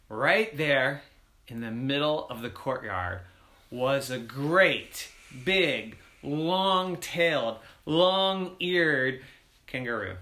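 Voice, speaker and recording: A storyteller narrating a bedtime story in a playful, animated way. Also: medium pitch.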